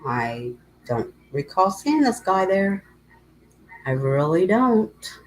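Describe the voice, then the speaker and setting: A woman's voice: mid-range voice, sing-song, slow, a little hiss or hum, low-quality recording. A middle-aged woman hosting a casual livestream chat, talking in a rambling, emotional way and greeting viewers by name. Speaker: livestream host.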